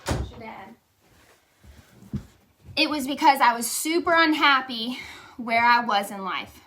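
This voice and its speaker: A woman's voice: high voice, expressive, normal speed, bright, forceful tone. A young woman giving a candid, emotional motivational testimonial, chatty and saying y'all. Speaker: direct sales leader.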